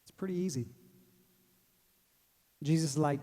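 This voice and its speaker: A man's voice: fairly high pitch, moderate pace, darkish tone. A man, preaching a sermon in a joking, self-deprecating way and laughing often. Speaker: pastor. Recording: long hall reverb.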